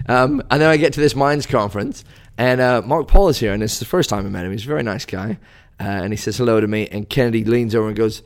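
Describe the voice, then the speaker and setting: A man's voice: medium pitch, fast talker, few pauses. A man, a magician, asking probing questions in a casual podcast chat.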